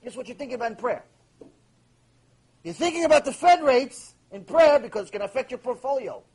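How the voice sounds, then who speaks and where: Emphatic high-voiced man lecturing on Torah. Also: expressive, fairly quick, darkish tone, husky, low-quality recording. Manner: emphatic, repeats key phrases, acts out imagined prayers. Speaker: Torah teacher.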